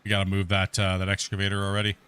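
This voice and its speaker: A man's voice: sits low, monotone, very fast, pushed and bright, smooth. Middle-aged guy streaming a game, casual rambly chat, keeps restarting his sentences. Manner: rambling, laid-back, frequent restarts. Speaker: let's play host. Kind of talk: casual gameplay commentary.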